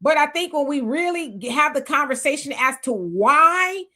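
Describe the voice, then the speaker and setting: A woman's voice: high voice, lively intonation, moderate pace, pushed and bright. A woman in her fifties hosting a live stream, talking to viewers in a loose, conversational way with fillers and restarts. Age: 50s. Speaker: livestream host. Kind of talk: casual live talk to viewers.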